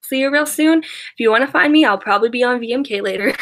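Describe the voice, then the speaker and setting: A young woman with a slightly high voice chats casually on a live stream, recorded on a built-in laptop or camera mic. She rambles, trips over her words and fills the gaps with "um" and "like". She laughs easily as she answers viewers' questions. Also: fast, a bit bright. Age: young adult. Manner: rambling, filler-heavy, giggly. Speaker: YouTuber answering live chat.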